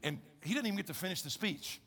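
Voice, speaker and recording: A man's voice: high-pitched, animated, fast talker, a bit bright, husky. A man preaching a sermon as a pastor, emphatic and conversational, often telling listeners to listen. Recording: reverberant hall sound.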